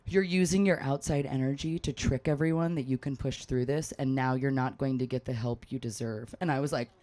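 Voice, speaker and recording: A woman telling an animated, self-mocking story to a live audience, often acting out what others said. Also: rumbling low, brisk. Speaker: panel speaker at a live event.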